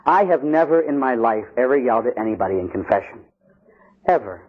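A male Catholic priest from Pittsburgh giving a blunt, animated preaching talk with joking asides. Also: mid-range voice, a little fast. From Pittsburgh, USA. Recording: dull lo-fi recording.

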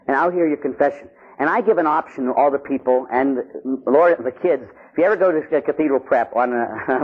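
A male Catholic priest from Pittsburgh giving a blunt, animated preaching talk with joking asides. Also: mid-range voice, breathy edge. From Pittsburgh, USA. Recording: dull lo-fi recording.

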